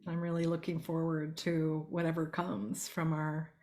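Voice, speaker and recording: A woman answers on a video call in a somewhat low and fairly even voice. She sounds gentle and appreciative as she replies. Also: unhurried. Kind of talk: casual reply on a video call.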